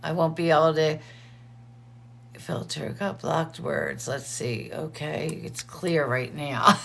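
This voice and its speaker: A woman's voice: sits low, steady tone, takes it slowly, vocal fry. A woman hosting a casual livestream, chatting and greeting viewers by name while sharing updates, her eyes teary from allergies. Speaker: livestream host.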